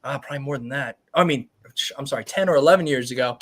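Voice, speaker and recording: A man's voice: medium pitch, quick pace, a bit bright. A man in his thirties, a tattoo artist hosting a live stream, chatting casually and rambling as he talks straight to his viewers. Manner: rambling and upbeat, addresses viewers directly.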